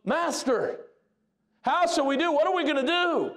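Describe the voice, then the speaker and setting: A man's voice: moderate pace, a bit bright. A man voicing a frightened young male servant who is panicking during a sermon story. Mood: panicked. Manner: frantic, high-pitched yelping.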